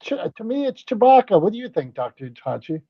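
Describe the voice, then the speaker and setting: A man with a higher voice and a regional American accent hosts a loose, joking group chat, excitable and quick to restart his lines. His voice comes through dry but a little dull and lo-fi, as over a video call. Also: dry recording. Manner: playful, excitable, lots of restarts. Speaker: host. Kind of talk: casual podcast banter. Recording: slightly dull lo-fi sound.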